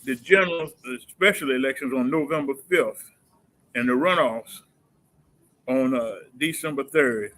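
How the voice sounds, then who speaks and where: A man's voice: medium pitch, a little slow, a bit bright, low-quality recording. Hesitant man hosting a community show. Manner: hesitant, many uh fillers, laughs easily. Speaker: host. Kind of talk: community livestream talk show.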